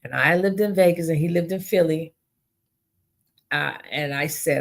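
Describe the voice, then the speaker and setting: Her voice is low and creaky, moving at a normal speed broken by long pauses. She's a woman hosting a solo podcast, sincerely urging her listeners and repeating those appeals frequently.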